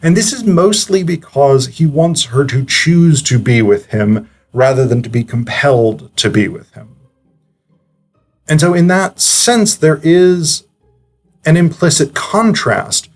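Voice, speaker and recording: A man's voice: a little high, a little slow, faint music behind. A man giving casual, analytical commentary as a film reviewer, chatty and digressive, with frequent hesitations.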